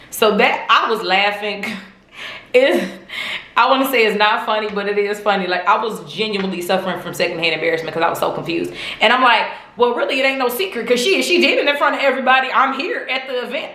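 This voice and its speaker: A woman hosting a podcast, telling stories in an animated, chatty way full of slang and swearing. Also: mid-range voice, roomy sound. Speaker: podcast host. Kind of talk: casual fan chat.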